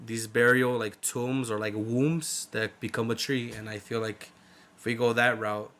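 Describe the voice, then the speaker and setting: A man's voice: medium pitch, little pitch movement, normal speed, fairly bright tone. Rambling young man, casual podcast chat. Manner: rambling, loose, swears a lot. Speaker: podcast co-host.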